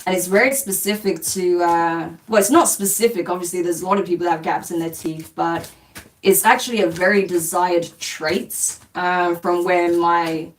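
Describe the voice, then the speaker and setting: Blunt woman live-streamer, lowish voice. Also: fairly even intonation, moderate pace. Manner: blunt and dismissive, swears casually, laughs often. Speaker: spiritual reader hosting a live stream. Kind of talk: casual live-stream chat answering comments. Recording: distant mic with faint background noise.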